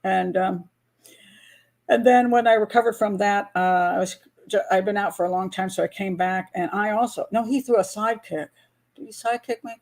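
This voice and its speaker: A woman's voice: mid-range voice, moderate pace, a little mellow. An older American woman hosting a live patron hangout, chatting casually, laughing often and rambling through restarts. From United States. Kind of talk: casual live-stream chat.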